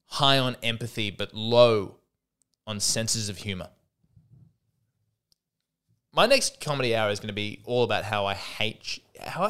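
A man's voice: medium pitch, fairly bright tone, clear, resonant tone. A man with an Australian accent, hosting a solo comedy podcast in a wry, self-deprecating, rambling monologue.

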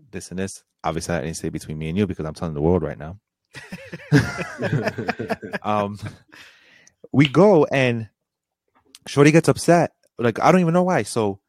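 A man's voice: on the low side, a little mellow, dry recording. A young man, a podcast co-host, casually telling a long slangy story and acting out both sides of a conversation.

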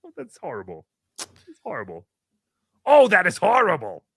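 A man doing Tukey, a whiny high-voiced showman. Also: huge pitch swings, normal speed, vocal fry, a bit bright, husky, dry recording, heavily acted. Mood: excitable. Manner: speaks of himself in third person, whiny and melodramatic. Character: silly, self-pitying, nasal-voiced male showman. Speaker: livestream show host. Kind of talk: comedic live-stream character bit.

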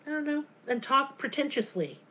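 A woman's voice: high voice, normal speed, a little hiss or hum. Sarcastic woman telling true crime. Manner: sarcastic, animated storytelling with mocking asides. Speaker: podcast co-host telling a true crime story. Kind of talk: casual true crime chat.

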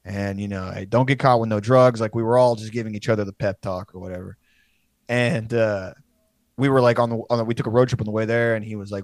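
A man's voice: mid-range voice, a little fast, no room sound. A young man in his twenties, a comedian, telling a rambling, profane story in casual chat, jumping into friends' voices as he quotes them.

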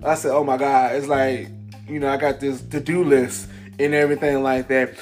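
A man's voice: medium pitch, flat delivery, moderate pace, faint music behind. A man giving casual, upbeat motivational talk to a camera, rambling and full of fillers. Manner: upbeat, preachy encouragement. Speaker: vlogger.

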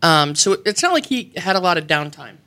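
A woman guest on a radio show, telling animated, self-mocking childhood stories in a casual way. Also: on the low side, a little fast. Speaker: guest, wrestling personality. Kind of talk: casual storytelling. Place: radio studio.

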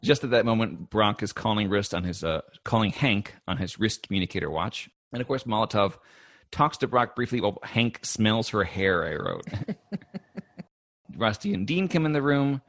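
A man casually recapping a cartoon episode for a podcast, telling it as a lively story, quoting characters and laughing often. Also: fairly low pitch, moderate pace, no echo, clean studio sound. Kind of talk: casual chat, animated recap.

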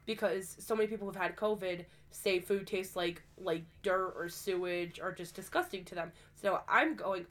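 Bright-voiced sick woman, laughing and swearing. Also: mid-range voice, normal speed. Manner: profane, laughing storyteller. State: sick, short of breath. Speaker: podcast co-host. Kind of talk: casual podcast chat.

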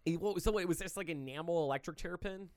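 A man's voice: a little high, fast talker, a little mellow, no room sound. A man hosting a podcast in loose, joking casual chat, swearing freely. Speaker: podcast host.

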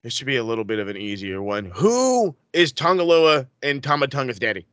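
A man asking wrestling trivia in a casual podcast chat, excitable and profane with rambling asides. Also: medium pitch, fairly quick, no room sound. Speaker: trivia quizmaster.

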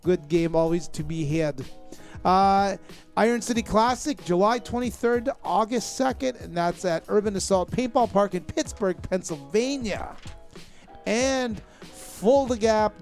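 A man's voice: sits high, a little slow, darkish tone, faint music behind. A man co-hosting a casual podcast, reading out event listings and stumbling over names and dates. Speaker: podcast co-host.

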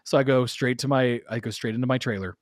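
A man's voice: medium pitch, fast talker, dry recording, clean studio sound. Man telling a rowdy story. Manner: animated, laughs often. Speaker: guest storyteller. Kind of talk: casual storytelling.

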